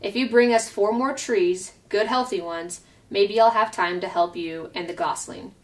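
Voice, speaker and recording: A woman's voice: medium pitch, moderate pace, distant mic, lightly acted. Woman doing a stubborn grumbling beaver. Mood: folksy. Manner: grumbling, folksy talk. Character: gruff, stubborn older male beaver.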